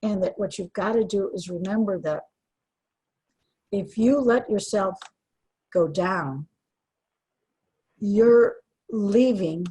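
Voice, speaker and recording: A woman's voice: medium pitch, takes it slowly, pauses often, mellow, husky, poor audio. An older woman speaking earnestly and from the heart as an interview guest, with frequent restarts. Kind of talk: emotional personal interview.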